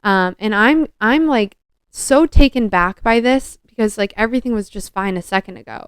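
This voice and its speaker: Earnest young woman, very clear voice. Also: medium pitch, normal speed, no echo. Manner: earnest, confessional, heavy use of "like". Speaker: podcast co-host. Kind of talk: personal storytelling on a podcast.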